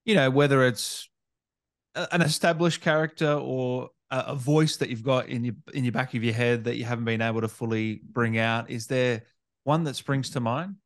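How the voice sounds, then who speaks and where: A man's voice: mid-range voice, moderate pace, dry recording, studio quality. A man hosting a casual interview, asking rambling questions and reacting with short interjections. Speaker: interview host.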